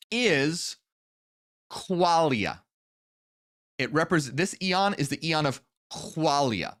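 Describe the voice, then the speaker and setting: A man's voice: fairly high pitch, a bit bright. A man giving a solo explanatory lecture as the channel's host, earnest and step by step, checking in with the listener as he goes.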